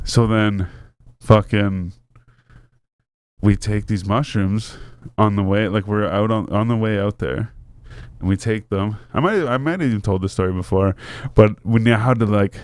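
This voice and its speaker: A man hosting a podcast, telling a wild story in a casual, animated way with lots of swearing and laughter. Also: lowish voice, normal speed, clean tone, no room sound. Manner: animated, laughing, swears a lot, acts out voices. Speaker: podcast host.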